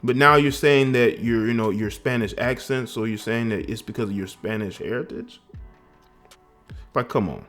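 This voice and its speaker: A man's voice: medium pitch, moderate pace, a bit bright, faint music behind. A man from the American South giving emphatic, indignant political commentary on his own vlog, often restarting his phrases.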